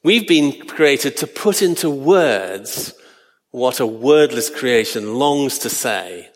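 A man preaching a sermon, earnest and slowing down for emphasis. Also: medium pitch, lively intonation, in a large hall.

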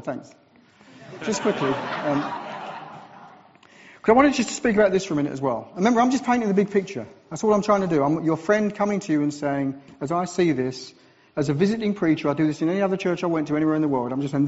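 A man from England, a visiting preacher, giving a sermon with animated storytelling and self-deprecating asides. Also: a little high. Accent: English. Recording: dull recording with long church reverb.

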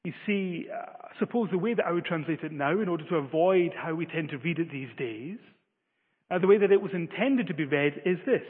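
High-voiced preacher in an echoing hall. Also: male voice, expressive, a little fast, breathy edge. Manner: earnest, emphatic, stumbling restarts. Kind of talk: sermon. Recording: phone-like, long-reverb hall.

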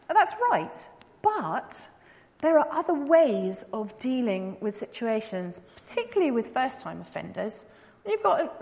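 A woman's voice: a little high, in a large hall. A woman giving a talk as a psychodrama practitioner, telling a story vividly and earnestly.

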